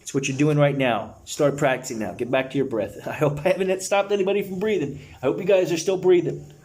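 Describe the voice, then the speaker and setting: A breathwork facilitator leads a guided session, earnest and encouraging, addressing listeners in a casual, slangy way. His voice is on the high side, fast, and a little mellow.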